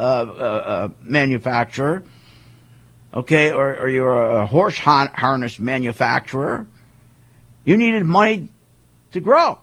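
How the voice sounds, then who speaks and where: A man with a husky voice giving an emphatic monologue, firing off rhetorical questions and acting out quoted voices. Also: a little high. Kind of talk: animated monologue on markets.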